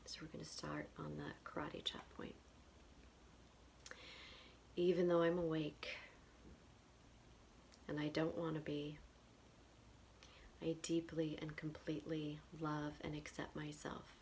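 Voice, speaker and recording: A woman guiding a tapping session in a whispered role-play, speaking slow phrases for the listener to repeat. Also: low voice, level tone, creaky, a little mellow, slight background noise. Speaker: EFT tapping guide.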